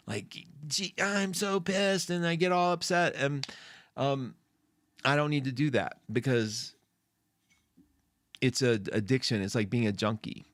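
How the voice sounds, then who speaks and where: A middle-aged man talks straight into a studio mic in a dry, close sound, hosting a live stream. He is chatty and effusive and greets viewers by name. His voice sits at a middle pitch and swings up when he gets excited. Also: dry recording. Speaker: astrology show host. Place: indoor room.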